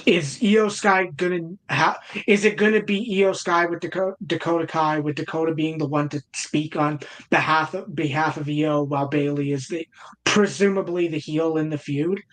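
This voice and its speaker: A man's voice: on the high side, fairly even intonation, normal speed, fairly bright tone. A man co-hosting a casual wrestling podcast, thinking aloud and hedging as he talks. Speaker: podcast co-host.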